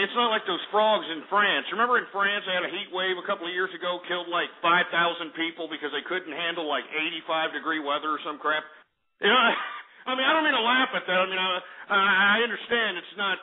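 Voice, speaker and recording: Texan guy hosting talk radio, high voice, rambly and blunt, cusses a bit, tinny phone-line sound. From Texas. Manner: folksy, rambling, blunt, peppered with mild swearing. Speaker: radio show host. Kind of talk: casual talk radio monologue.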